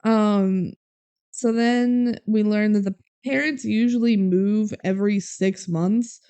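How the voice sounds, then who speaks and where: A woman's voice: medium pitch, steady tone, takes it slowly, warm tone, clear, resonant tone. A young woman co-hosting a podcast, recapping a movie in casual chat and laughing as she quotes scenes. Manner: chatty, giggly, quotes scenes in small acted voices. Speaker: podcast co-host.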